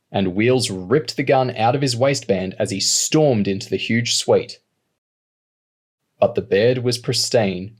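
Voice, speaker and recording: A man narrating an audiobook in a steady, measured reading voice. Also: lowish voice. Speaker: audiobook reader. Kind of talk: storybook narration.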